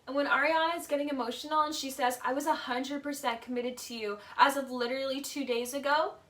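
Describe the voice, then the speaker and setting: A woman with a high, bright voice gives chatty, opinionated commentary, peppering every sentence with "like" and "literally." She drops into mock voices to act out what others said. Her voice sits a little away from the mic. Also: steady tone, fast, recorded from a distance. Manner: acts out quoted lines in mock voices. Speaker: reality TV commentator. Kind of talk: casual video essay commentary.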